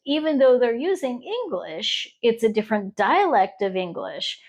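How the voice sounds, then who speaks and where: A woman's voice: on the high side, sing-song, a little mellow. A woman from Ohio chats casually while she crochets, rambling and stopping to count stitches. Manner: rambling and self-interrupting, pausing to count stitches. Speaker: crochet podcast host.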